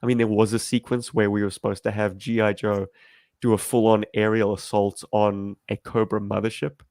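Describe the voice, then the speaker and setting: Gravelly low-voiced man on a call. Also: little pitch movement, a little mellow, dry recording, clean studio sound. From South Africa. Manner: rambling, self-deprecating, halting with fillers. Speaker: amateur filmmaker guest. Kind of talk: livestream discussion. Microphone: video call.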